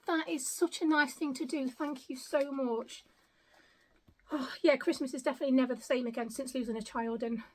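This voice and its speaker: A middle-aged woman from the UK chats through a casual home unboxing vlog in a high, light voice. She gushes and exclaims over each gift, thanking viewers again and again. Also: a little mellow, a little hiss or hum. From United Kingdom. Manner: gushing, grateful, repeatedly exclaiming. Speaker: vlogger. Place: home, indoors.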